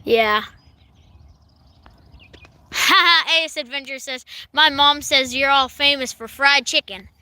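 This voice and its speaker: A woman's voice: sits high, takes it slowly, long pauses, pushed and bright, no echo. A woman with a Kentucky accent hosting a casual livestream outdoors on a horse farm, reading viewer comments aloud and giggling as she chats. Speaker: livestream host reading chat. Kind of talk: casual live-stream chat.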